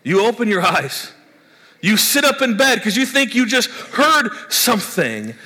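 A pastor preaching a sermon in an animated way, acting out people's complaints in higher voices. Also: male voice, a little slow, husky. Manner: animated, mimics congregants in high excited voices.

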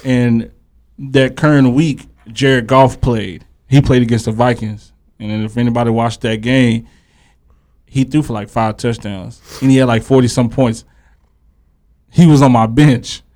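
Animated male podcast host telling a story. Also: medium pitch, unhurried. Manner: animated, acts out both sides of quoted arguments. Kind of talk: casual storytelling.

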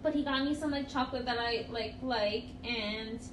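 A woman's voice: a little high, moderate pace, roomy sound, noisy background. A woman co-hosting a casual chat, telling a story with lots of giggling. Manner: giggly, storytelling, frequent laughter. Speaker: podcast co-host.

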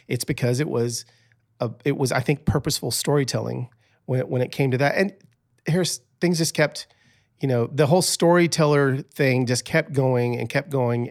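A man who is a podcast guest, telling stories in a chatty, animated way with many restarts. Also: medium pitch. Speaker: podcast guest, author and speaker. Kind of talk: casual storytelling interview.

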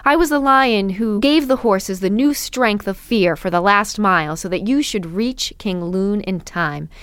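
A woman voicing a great, wise male lion in a storybook reading, speaking low, slow and hushed, sometimes half whispered. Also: smooth, no echo, natural voice. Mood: solemn.

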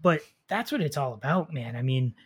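A man co-hosting a casual movie podcast, telling scenes with animated energy and quick laughs. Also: mid-range voice, slightly rough. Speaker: podcast co-host. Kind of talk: casual movie review chat.

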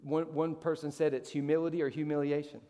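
A man's voice: on the high side, level tone, a little fast, warm tone, long reverb tail. A man preaching a sermon as pastor, emphatic, his voice leaping up on rhetorical questions.

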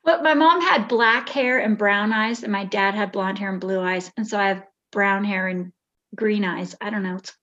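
A woman's voice: mid-range voice, moderate pace, highs cut off, a little hiss or hum. An older woman from the Bay Area, a podcast guest telling rambling stories about her childhood with many restarts. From Bay Area, California. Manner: rambling, warm reminiscing with restarts. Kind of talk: casual storytelling.

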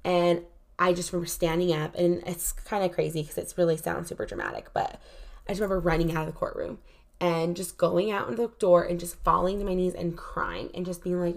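A woman recounts a hard personal story in a casual, unscripted way, leaning on "like" as she talks. Her voice sits low and has a strong gravelly fry throughout. She sounds candid and emotional. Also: expressive, a little fast. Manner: frequent "like" fillers, candid and emotional.

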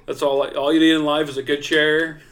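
A man's voice: on the high side, brisk, slight background noise. A man co-hosting a casual comedy podcast, playful and joking. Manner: playful, animated. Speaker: podcast co-host.

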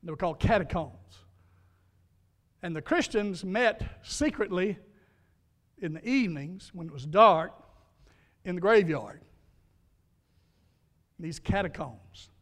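A man's voice: high voice, animated, slow pace, pauses often, in a large hall. A man preaching a sermon, telling folksy stories and repeating key lines for emphasis. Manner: folksy storytelling, emphatic repetition. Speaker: pastor.

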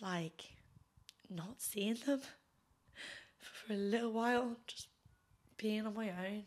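A woman's voice: mid-range voice, unhurried, long pauses. A young woman hosting a podcast, hungover and tired, chatting casually in a rambling, gushing way full of fillers. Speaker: podcast host. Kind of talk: casual chat.

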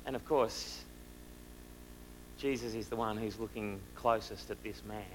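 A man preaching a sermon, asking the listeners rhetorical questions and moving between loud and hushed delivery. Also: lowish voice, fairly even intonation, measured pace, slight background noise, rough recording.

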